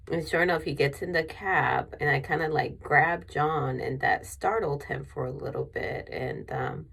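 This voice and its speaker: Low, husky, gravelly-voiced woman storyteller. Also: fairly bright tone. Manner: rambling, with many restarts and fillers. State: emotional, near tears. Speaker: vlogger. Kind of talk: personal storytelling.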